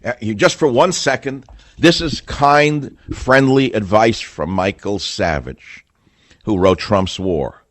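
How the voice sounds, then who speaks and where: A man's voice: fairly low pitch, slow pace, dry recording. A man hosting a talk radio monologue, combative and sarcastic, speaking with heavy emphasis into a close studio mic. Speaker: radio talk show host.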